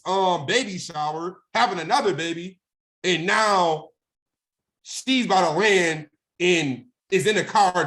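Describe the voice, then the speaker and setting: A man's voice: sits high, fairly bright tone. A young man telling a personal story in a casual, conversational way, often asking "right?" and acting out phone calls. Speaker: guest speaker.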